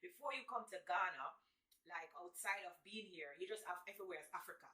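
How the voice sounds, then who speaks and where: A woman's voice: lowish voice, fast, sharp tone. A woman with a Jamaican accent answering interview questions. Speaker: interview guest.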